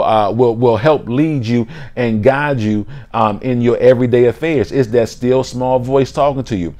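Man preaching with many restarts. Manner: repetitive, acts out inner voices in a lowered hush. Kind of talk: sermon.

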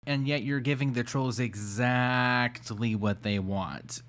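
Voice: medium pitch, normal speed, few pauses, fairly bright tone. A reaction commentator talking over a clip with dry, sarcastic remarks and frequent laughter.

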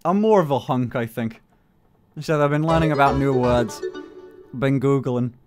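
Over background music, a young man with a medium-pitched voice livestreams at a normal speed, chatting casually with viewers and reading their chat messages aloud. He jokes, swears, and laughs a lot.

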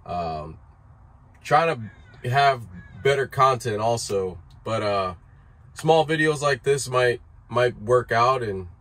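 Sitting in his truck cab, a man records a casual how-to vlog about a repair, wandering through it with frequent fillers and restarts. His medium-pitched voice is expressive and fairly bright, and he takes it slowly.

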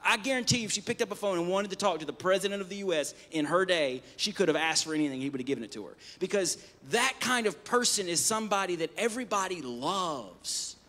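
Brief: male pastor, high voice, emphatic sermon delivery with restarts. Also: expressive, fast, hardly any pauses, a bit bright. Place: church, live-streamed service.

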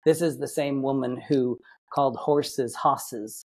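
A man from Massachusetts chats as a podcast guest, rambling through his stories. He often restarts and corrects himself mid-sentence. His voice sits at an ordinary middle pitch. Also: steady tone, unhurried, creaky, dark tone. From Massachusetts, United States. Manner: rambling, self-correcting storyteller. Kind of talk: casual interview chat.

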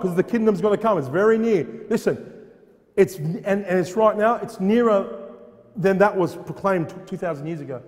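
Fervent high-voiced man preaching. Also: animated, normal speed, darkish tone, big-room sound. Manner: fervent, repeats phrases and asks rhetorical questions. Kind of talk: sermon. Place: church.

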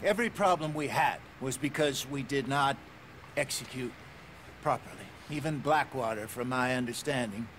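A man's voice: medium pitch, normal speed, fairly bright tone, a little hiss or hum, lightly acted. A man voicing an eager scheming outlaw. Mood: persuasive. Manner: persuasive, pushy.

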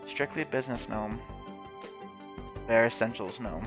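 A man rambles over his gameplay, reading the game's text aloud and swearing now and then. His voice sits at an average pitch. Clear music plays behind his talk. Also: a little fast. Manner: chatty, swears freely, reads game text aloud. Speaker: gameplay video host. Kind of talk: casual gameplay commentary.

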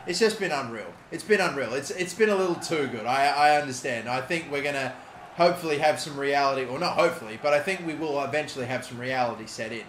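A young Australian man giving gameplay commentary, excitable, swearing and shouting at big moments. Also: mid-range voice, quick pace. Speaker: gaming YouTuber. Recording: echoey room with faint noise.

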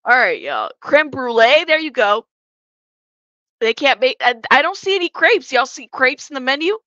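Her voice is high and bright with big pitch swings, a forceful tone, and a moderate pace. As host of a live commentary stream she reads the chat aloud, jokes around, and laughs a lot, and the lo-fi audio sounds dull but has no echo.

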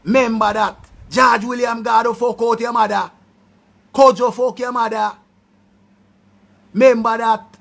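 A man with a Jamaican accent delivers a loud, insulting rant in patois. His voice sits high, with a gravelly, husky edge. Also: flat delivery, a little slow, pauses often. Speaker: online commentator. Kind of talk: ranting commentary.

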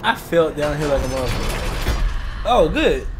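A man giving casual gameplay commentary as a gaming channel host, loud, profane and jokey, talking trash to the enemies. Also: a little high, big pitch swings, measured pace, background noise. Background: game music and gunfire.

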